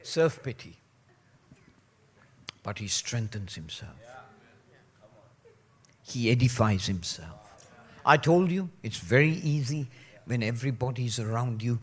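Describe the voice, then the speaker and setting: A man preaching a sermon, joking and mimicking people, then dropping to a low, earnest tone. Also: expressive, unhurried, pauses often. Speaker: pastor.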